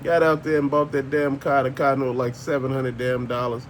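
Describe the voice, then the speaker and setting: A man's voice: mid-range voice, flat delivery, normal speed, slight background noise. An older man, ranting bluntly and profanely as a channel host, laughing often. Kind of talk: casual ranting monologue.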